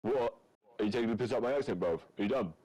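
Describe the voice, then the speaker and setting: Man, very low voice, loud crude teasing banter, streamer. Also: fast talker, low-quality recording. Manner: loud, crude, teasing slang-heavy trash talk. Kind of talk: casual banter with friends on voice chat.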